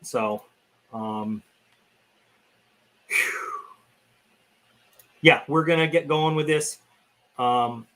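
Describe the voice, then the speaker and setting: A man's voice: medium pitch, extremely slow, long pauses, fairly bright tone. A man hosting a casual live stream, chatting loosely to his viewers and rambling between topics. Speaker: channel host.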